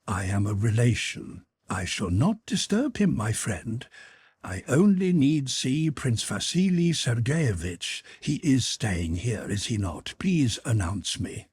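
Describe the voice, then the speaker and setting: A man voicing an anxious middle-aged noblewoman, speaking gently and imploringly, slow and pointed. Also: medium pitch, sing-song, slightly rough, no echo, studio quality, exaggerated voice. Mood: gently pleading.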